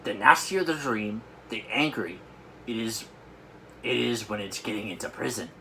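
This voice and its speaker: A man voicing a huge, excitable old giant who mangles his grammar and invents words, with loud outbursts. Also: fairly low pitch, moderate pace, gravelly, a little hiss or hum. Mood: explaining.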